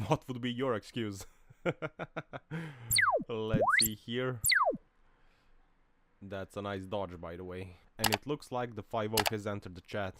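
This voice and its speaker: A man's voice: on the low side, moderate pace, hardly any pauses, very noisy. A man commenting over dashcam clips with a joking, mocking tone, laughing often and putting on silly voices. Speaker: video commentator.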